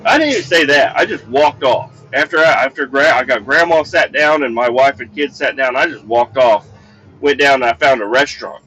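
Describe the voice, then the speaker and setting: A man's voice: medium pitch, fairly quick, pushed and bright, slightly rough. Profane, rambling middle-aged man driving. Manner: rambling, heavy swearing, exasperated. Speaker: podcast host. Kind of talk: casual profane storytelling. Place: in a moving car. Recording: dull lo-fi car recording. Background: faint vehicle noise.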